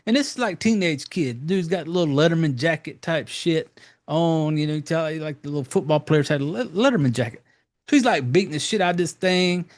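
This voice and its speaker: A man talks through a horror film's plot in a loose, meandering way, dropping curses and filler words as he goes. His voice sits a little high for a man. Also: lively intonation, brisk. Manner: rambling, profane, loose storytelling with fillers. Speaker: podcast host. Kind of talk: casual movie recap.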